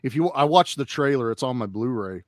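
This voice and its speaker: A man's voice: medium pitch, lively intonation, brisk, no echo, clean studio sound. A man co-hosting a casual film discussion, enthusiastic and rambling, often restarting his sentences. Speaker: podcast co-host.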